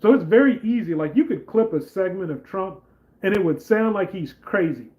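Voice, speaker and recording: A man's voice: high-pitched, lively intonation, normal speed, a little mellow, rough recording. A man hosting a casual political livestream, rambling with lots of "like" and reading out viewer comments. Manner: rambling, filler-heavy, reads out viewer comments. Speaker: livestream host.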